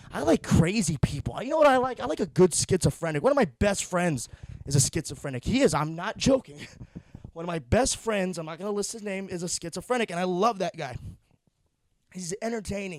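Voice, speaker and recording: A man's voice: sits high, animated, fairly quick, no room sound. A young man hosting a podcast, delivering a blunt, profane, rambling comedic monologue. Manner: rambling with frequent restarts. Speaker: podcast host.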